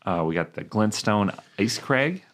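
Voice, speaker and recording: Deep-voiced male podcast co-host. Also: animated, a little slow, fairly bright tone. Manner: reads item text with fillers and laughs. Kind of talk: casual chat, reading game descriptions.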